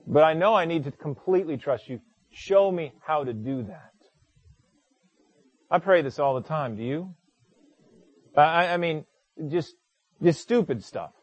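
A man's voice: high-pitched, no room sound. A middle-aged male pastor preaching a sermon, telling a personal story emphatically with frequent stammered restarts.

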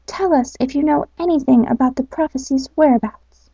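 A woman doing a timid high owl. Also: fairly quick, warm tone, no room sound. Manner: timid, polite. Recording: dull lo-fi.

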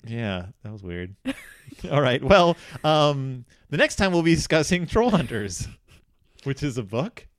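A middle-aged man co-hosting a podcast in casual chat, animated and rambling with many restarts. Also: mid-range voice, a little slow, no echo, clean studio sound. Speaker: podcast co-host.

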